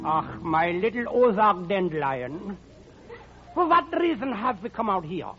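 A man's voice: high voice, big pitch swings, measured pace, soft background music. An actor playing a bumbling man posing as a German spy, giggling and wisecracking in a mock German accent in 1940s radio comedy. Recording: dull hissy old radio recording.

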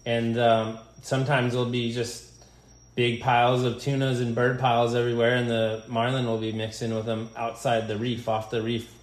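A man, a deckhand and podcast host, telling a fishing story in relaxed, rambling chat with many fillers. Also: medium pitch, normal speed. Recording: echoey room.

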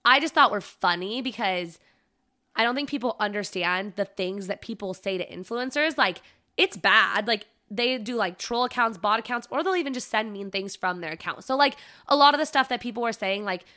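Bright-voiced woman chatting on a podcast. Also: mid-range voice. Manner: bubbly, quick storytelling with lots of fillers. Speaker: podcast co-host. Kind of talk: casual chat.

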